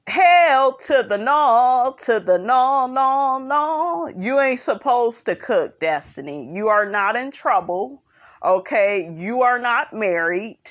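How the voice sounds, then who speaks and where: A woman giving a sassy, animated casual commentary recap of a reality show, tossing in "honey" and "okay" as she goes. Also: lo-fi sound. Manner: sassy, animated, sprinkles 'honey' and 'okay'; breaks into high laughing impressions.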